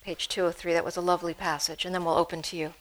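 Brief: woman hosting a live author talk, halting delivery. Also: fairly low pitch, little pitch movement, low-quality recording. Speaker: interviewer. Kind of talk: onstage interview.

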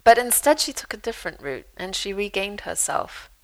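A woman's voice: mid-range voice, moderate pace, poor audio. A woman author reading from her memoir and telling stories with dry humor. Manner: lively storyteller, dry humor.

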